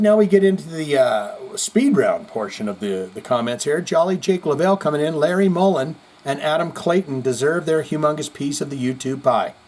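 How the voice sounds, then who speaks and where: A male podcast host reading viewer comments in casual, rambling commentary, animated and profane, jumping between loud outbursts and mutters. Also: on the high side. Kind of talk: casual live-chat commentary.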